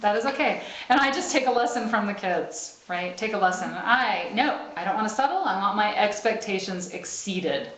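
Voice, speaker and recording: A woman's voice: mid-range voice, expressive, normal speed, few pauses, fairly bright tone. Chatty woman preaching in a roomy space. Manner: conversational, laughing, frequent "right?" and "okay?". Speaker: spiritual speaker. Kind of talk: live sermon to a small group. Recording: roomy live stream recording.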